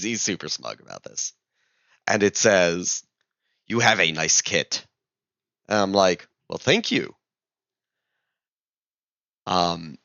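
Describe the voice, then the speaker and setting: A man telling a travel story in a casual vlog, animated and exasperated. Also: sits low, vocal fry, no echo, dull audio. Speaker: vlogger.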